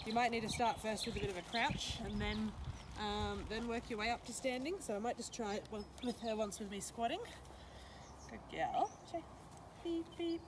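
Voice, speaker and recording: A woman dog trainer who calmly explains a trick, then praises her dog in a high sing-song voice. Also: a little fast, noisy background. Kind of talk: casual training demonstration. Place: outdoors or open training space with a dog.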